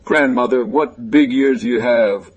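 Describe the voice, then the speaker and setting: A man with a husky voice voicing an innocent little girl in a storybook reading, asking eager questions. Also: mid-range voice, unhurried, dull audio.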